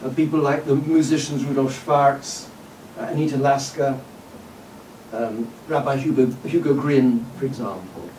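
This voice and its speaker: A man giving a public lecture in a hall, measured and discursive, with frequent "uh" and "um" and occasional wry asides. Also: mid-range voice, a little mellow. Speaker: guest lecturer. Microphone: distant room mic. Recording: roomy hall audio from a distance with faint background noise.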